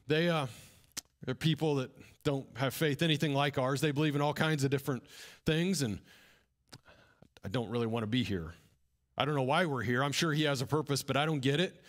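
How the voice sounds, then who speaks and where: A pastor, a man with a slightly raised pitch, retells a scene as if he lived it. He tells it with drama and drops to a hushed whisper at the tense moments. This is a storytelling sermon delivered from the pulpit.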